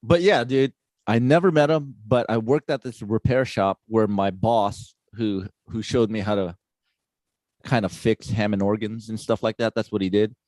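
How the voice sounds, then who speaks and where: A laid-back man with a fairly low voice chats casually as host. His voice sounds dry and close to the mic. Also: no room sound. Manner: relaxed, laid-back chatter with quick reactions. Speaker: podcast host. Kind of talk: casual chat.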